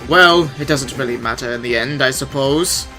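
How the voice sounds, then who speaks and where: A man voicing a cold, scheming villain overlord with a smug, slow drawl. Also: medium pitch, pushed and bright, faint music behind, lightly acted. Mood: menacing.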